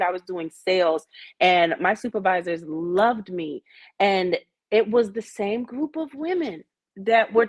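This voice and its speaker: A woman's voice: medium pitch, dry recording. Candid woman from Jamaica, dry sound. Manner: candid, storytelling, animated asides. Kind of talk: casual group discussion.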